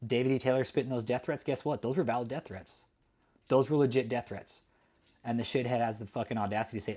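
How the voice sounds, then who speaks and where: A man's voice: medium pitch, quick pace, a little mellow. A middle-aged man from Texas, hosting an angry, profane commentary rant full of defiance and swearing. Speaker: host.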